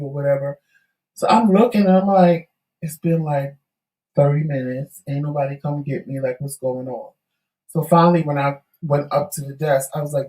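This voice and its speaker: A man's voice: fairly high pitch, a little fast, a little mellow. A man co-hosting a talk show, telling a story casually and acting out the voices of the people in it. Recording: echoey room.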